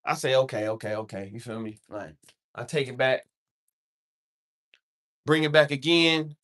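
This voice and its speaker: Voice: mid-range voice, measured pace, a bit bright. A livestreamer talking in a casual, meandering way, constantly checking in with viewers and repeating the same filler phrase. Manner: meandering, repeats "you know what I'm saying" often. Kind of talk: casual rambling livestream chat.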